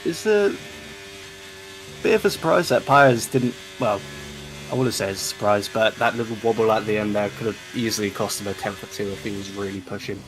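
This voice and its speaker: A man with a low voice talks calmly through a sim racing lap, corner by corner. He explains braking points and racing lines in a relaxed, instructive way. Clear music runs behind him. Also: a little fast. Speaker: lap guide commentator.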